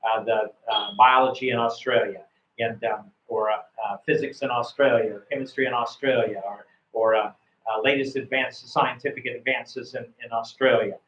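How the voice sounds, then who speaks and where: A man's voice: medium pitch, fairly even intonation, moderate pace, fairly bright tone. A man coaching a student after a speaking test, praising his answers and often repeating words and restarting sentences. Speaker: IELTS speaking examiner and coach. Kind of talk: spoken test feedback. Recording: roomy, dull lo-fi sound.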